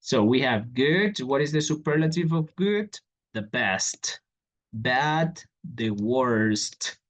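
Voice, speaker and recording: A man's voice: medium pitch, lively intonation, takes it slowly. A man teaching an English grammar lesson, reading out examples and checking in with "okay?" after each step. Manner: repeats "okay?" often, walks through examples on a board.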